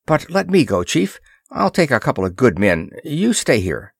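A man's voice: medium pitch, normal speed, creaky, slightly rough, no room sound, clean studio sound, voice pushed up, heavily acted. A man voicing an easygoing, loyal male sidekick who speaks mildly and wryly. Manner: mild, wry, relaxed speech.

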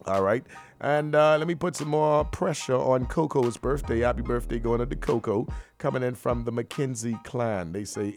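A man hosting a radio show, talking in loose, slangy, joking patter full of shout-outs. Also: mid-range voice, moderate pace, faint music behind. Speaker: radio host.

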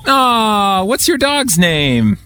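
Male radio host with a lively, swooping, bright voice. Playful, jokey read. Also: sits high, drawn-out words, smooth. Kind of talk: casual call-in radio chat.

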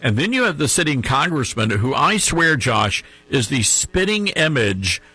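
Bright, husky-edged talk radio host. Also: male voice, medium pitch, big pitch swings, no echo. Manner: opinionated, sarcastic, quick asides.

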